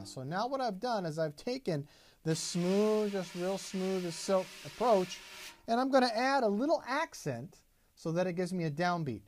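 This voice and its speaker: A man's voice: high-pitched, animated, normal speed, background noise. A man teaching a drum lesson, patiently explaining and counting beats aloud as he plays. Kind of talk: instructional demonstration.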